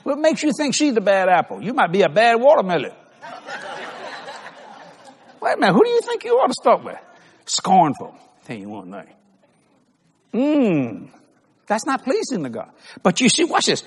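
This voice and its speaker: A man's voice: high voice, normal speed, pauses often, breathy edge. A man preaching a sermon as pastor in a church, telling folksy stories with lots of laughter. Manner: folksy storytelling, animated, laughs often. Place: church sanctuary. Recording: long hall reverb.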